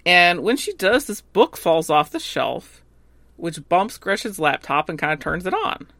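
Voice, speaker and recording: A woman's voice: on the low side, sing-song, a bit bright, no echo. A woman co-hosting a casual podcast, retelling scenes and peppering her speech with "like". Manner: retells scenes with quick acted quotes, filler "like". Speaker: podcast co-host. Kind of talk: casual recap chat.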